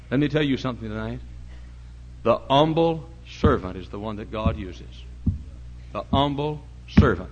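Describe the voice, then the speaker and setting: A male pastor preaching a sermon, telling folksy stories and rising to loud preaching. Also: medium pitch, normal speed, slight background noise.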